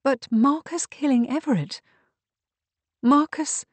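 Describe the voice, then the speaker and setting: A woman's voice: sits high, very animated, moderate pace, a little mellow, husky, no echo, pitched above the performer's own voice, exaggerated voice. A woman voicing an anxious, emotional young woman who exclaims in strained bursts. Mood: distraught. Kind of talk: audiobook character reading.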